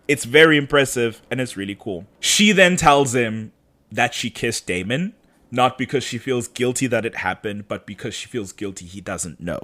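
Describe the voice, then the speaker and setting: Lively, laughing male podcast co-host. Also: mid-range voice, normal speed. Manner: animated, laughing storyteller. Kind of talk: casual episode recap chat.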